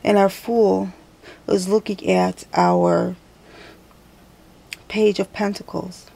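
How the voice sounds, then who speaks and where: Woman host doing a casual card reading; slow and gravelly, talks it through out loud and corrects herself. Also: mid-range voice, flat delivery. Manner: chatty, thinks aloud, self-correcting. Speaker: tarot reader. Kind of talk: casual tarot reading to camera.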